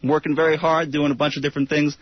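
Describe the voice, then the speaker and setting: Radio guest, man from Brooklyn, thirties, quick, playful, mock-formal, a touch high. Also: level tone, highs cut off. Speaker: radio guest, prank caller. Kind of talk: casual radio interview.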